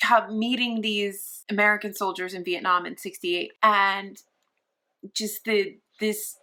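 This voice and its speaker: A woman's voice: mid-range voice, fairly even intonation, measured pace, sharp tone. A young woman vlogging casually from her sofa at home, rambling and gushing with many restarts. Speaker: book vlogger. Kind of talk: casual vlog chat.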